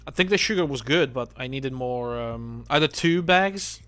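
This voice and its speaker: A man's voice: mid-range voice, expressive, normal speed, a bit bright, clear, resonant tone. A man streaming a game, chatting casually, thinking aloud and swearing now and then. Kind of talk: casual gameplay commentary.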